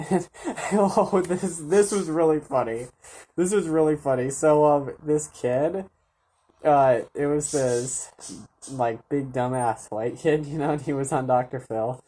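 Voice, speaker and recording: A woman's voice: sits low, measured pace, warm tone. A woman vlogger giving rambling casual commentary, full of fillers and chuckling asides.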